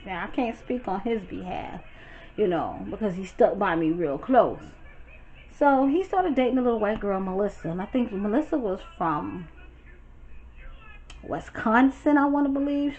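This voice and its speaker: Brooklyn girl with a new york accent spilling a storytime, blunt and sassy, kinda muffled lo-fi audio with a little hiss. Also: a little high. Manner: blunt, sassy, animated retelling. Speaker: storytime vlogger. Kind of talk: casual storytime chat. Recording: dull lo-fi sound, faint noise.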